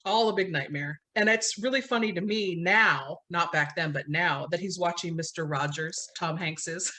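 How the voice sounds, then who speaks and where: A woman's voice: lowish voice, normal speed, bright, forceful tone. A woman podcast host casually recounting a film scene by scene, laughing often. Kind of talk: casual movie recap chat.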